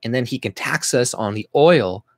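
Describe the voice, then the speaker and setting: A man's voice: medium pitch, animated, normal speed. A Canadian man with an ordinary, mid-range voice rants on his own livestream, cursing freely and stumbling through "you know" and "like" as he reacts to viewer comments. His voice sounds close and dry, with no room echo. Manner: blunt, profane, heavy on fillers and restarts. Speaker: YouTube channel host.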